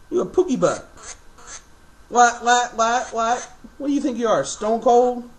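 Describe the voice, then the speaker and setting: A man's voice: very high-pitched, measured pace, pauses often. A man filming a casual home video, chatting to his pet birds in a sing-song baby-talk voice.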